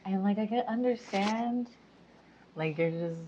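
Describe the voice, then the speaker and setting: A woman's voice: mid-range voice, a little slow, warm tone, slight background noise. A woman talking casually to her viewers, chatty with frequent giggles and fillers. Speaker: spiritual speaker. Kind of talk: casual monologue to camera. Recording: dull lo-fi sound.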